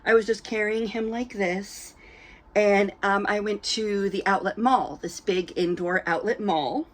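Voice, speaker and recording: A woman chatting to her camera at home, with a middle-pitched voice. She tells stories casually with plenty of ums and little laughs. Her throat sounds a bit dry. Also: fairly even intonation, a little slow. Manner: chatty, giggly, many ums, acts out quoted voices. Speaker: reborn doll collector vlogger. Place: indoors at home, lit by a ring light.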